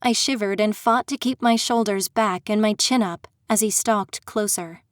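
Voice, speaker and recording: A woman reading a first-person dark fantasy audiobook in a steady, dramatic storytelling manner. Her voice sits in a middle pitch. The recording is dry and close. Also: moderate pace, dry recording. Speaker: audiobook narrator.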